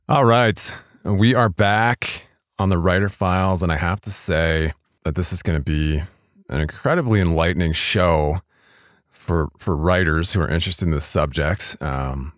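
Low-voiced rambling male podcast host. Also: measured pace, no echo, clean studio sound. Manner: rambling, self-deprecating, many fillers and restarts. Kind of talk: casual interview chat. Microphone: studio podcast mic.

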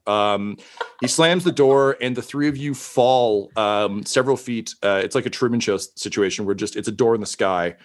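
A man's voice: mid-range voice, normal speed. A man narrating as game master in a rambling, profane, casual way.

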